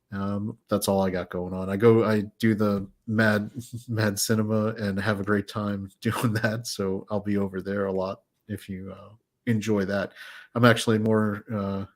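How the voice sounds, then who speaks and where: Um homem convidado em um podcast, apresentando seu trabalho de forma descontraída e hesitante. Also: male voice, on the low side. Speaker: podcast guest, web comic artist. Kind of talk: casual self-introduction.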